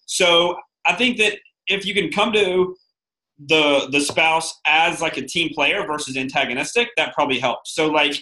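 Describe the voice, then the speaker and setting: A man's voice: a little high, moderate pace, pushed and bright, rough recording. A man talking casually with his wife, rambling along with many fillers like "you know" and "like.". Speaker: co-host, husband. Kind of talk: casual conversational advice.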